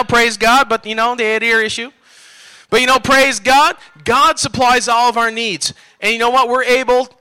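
A male preacher at a church service, urging the crowd on in call-and-response. His voice sits extremely high for a man and rings sharp and piercing. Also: smooth, poor audio. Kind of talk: revival sermon.

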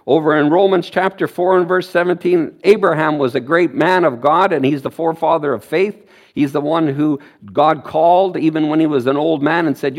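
A man preaching a sermon, quoting scripture with energy and emphasis. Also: on the high side.

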